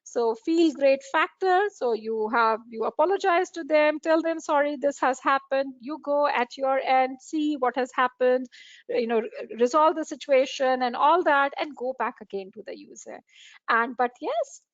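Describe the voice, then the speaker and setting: A woman's voice: high voice, unhurried, no room sound, dull audio. A woman giving an earnest webinar lecture to librarians, repeating phrases for emphasis and using many fillers. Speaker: webinar speaker on library services. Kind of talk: lecture over slides.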